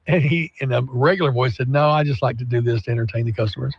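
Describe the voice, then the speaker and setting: A man co-hosts a talk radio show, spinning casual stories. His voice is gravelly and a little husky. The studio sound is dry and slightly dull. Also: medium pitch, lively intonation, fast, hardly any pauses, dry recording. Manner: storytelling, laughs often, acts out quoted people. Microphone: studio microphone.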